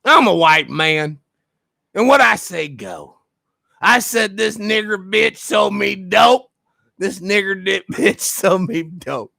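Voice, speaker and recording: A man's voice: sits high, lively intonation, takes it slowly, creaky, bright, forceful tone, dry recording, studio quality, exaggerated voice. A man putting on the voice of a bullying, contemptuous racist white lawman in a mocking impression. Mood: sneering.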